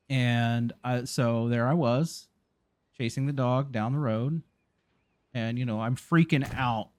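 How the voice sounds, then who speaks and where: A man's voice: mid-range voice, a little mellow. A man, hosting a gaming channel and telling a rambling story while he plays, full of restarts and fillers. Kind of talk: casual storytelling while playing a game.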